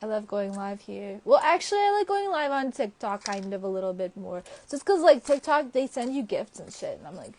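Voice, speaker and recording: A woman's voice: mid-range voice, big pitch swings, brisk, few pauses, darkish tone. A young woman chatting casually to viewers on a livestream, rambling with lots of fillers and frequent laughs. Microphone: phone or webcam livestream.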